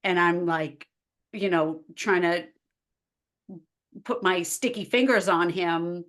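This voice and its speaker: A woman's voice: fairly low pitch, takes it slowly. A woman in her forties, a life coach talking as a podcast guest in casual conversation, acting out quoted dialogue as she tells stories. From United States. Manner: animated, acts out quoted dialogue.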